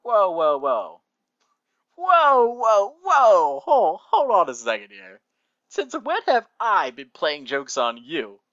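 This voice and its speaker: A man's voice: medium pitch, expressive, moderate pace, sharp tone, no room sound, dull audio. A man playing a playful young caretaker in a fan fiction reading, teasing and over the top. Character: young man caring for an injured pony.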